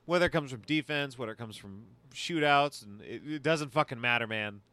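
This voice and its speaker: A man co-hosting a casual sports podcast, profane and jokey, getting excited as he talks. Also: mid-range voice, fairly quick, no room sound. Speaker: podcast co-host.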